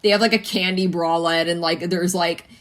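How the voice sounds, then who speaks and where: A woman's voice: lowish voice, fairly even intonation, normal speed. A teenage girl co-hosting a casual chat, rambling with many fillers and swear words. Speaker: podcast co-host.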